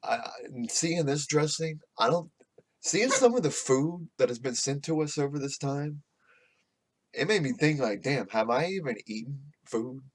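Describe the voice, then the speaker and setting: A man's voice: on the high side, animated, normal speed. A man hosting a podcast, rambling casually and swearing a lot, with frequent laughs. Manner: profane, rambling, laughs often. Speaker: podcast host. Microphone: podcast microphone.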